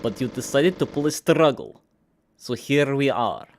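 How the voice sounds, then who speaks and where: A streamer voicing a tired, cruel male enforcer from a game, with a mock Russian accent and a slow, threatening delivery. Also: medium pitch, animated, a little hiss or hum. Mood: menacing.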